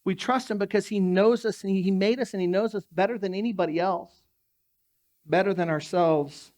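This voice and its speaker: A man's voice: high-pitched, moderate pace, darkish tone, no echo, clean studio sound. A man preaching a sermon in a church, talking in a conversational way and turning to the congregation with asides. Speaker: pastor.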